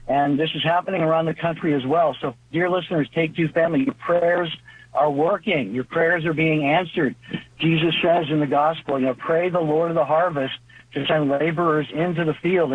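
A man speaking as a seminarian co-host on a call-in religious radio show, filling his talk with "uh" and "you know", heard over the phone. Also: a little high. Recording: tinny phone line.

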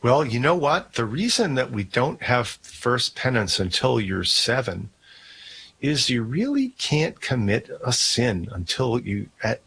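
A man co-hosting a religious call-in radio show, explaining things calmly. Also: mid-range voice, a little hiss or hum. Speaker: radio co-host.

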